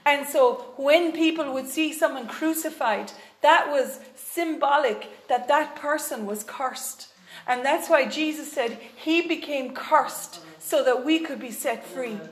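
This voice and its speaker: A woman's voice: sits high, slow pace, roomy sound. A woman preaching a sermon in an earnest way, with frequent fillers and restarts.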